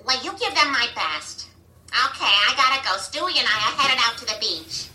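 A woman's voice: on the high side, big pitch swings, normal speed, pushed and bright, full character voice. A woman voicing a chatty suburban cartoon mother, gossiping bubbly on the phone. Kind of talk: animated sitcom voice acting. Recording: echoey, distant clip played in a room.

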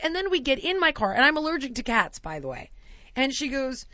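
A woman's voice: high voice, sing-song, a little fast, sharp tone, dry recording, dull audio. A woman in her forties telling a comic story about her own life, acting out the people in it with self-mocking animation. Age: 40s. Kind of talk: comedic storytelling.

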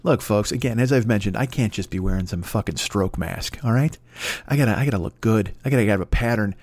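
A man's voice: fairly low pitch, fast, a little mellow. A man hosting a podcast, delivering a rambling, profanity-laden comedic rant with exasperated energy. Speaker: podcast host.

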